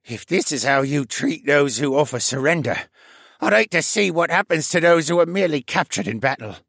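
A gravelly, husky bird-creature prisoner, put on by a male audiobook narrator, swinging from sneers to stammering pleas. The voice sits high and swoops widely. The sound is dry and close, with no room. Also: big pitch swings, moderate pace, fairly bright tone, no room sound, heavily acted. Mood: sneering. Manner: sneering, then pleading and stammering. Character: battered male bird demi-human prisoner, bitter and desperate. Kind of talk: audiobook character voice.

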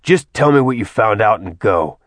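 A man's voice: fairly low pitch, lively intonation, normal speed, no room sound. A man voicing a sullen, curt man in a storybook reading. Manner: curt, growling.

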